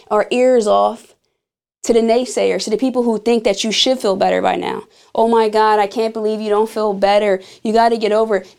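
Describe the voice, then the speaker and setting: A woman hosting a podcast, giving an intimate, earnest spoken sermon on grief, slow and emphatic as she speaks straight to her listeners. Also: a little high, vocal fry, darkish tone. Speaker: podcast host.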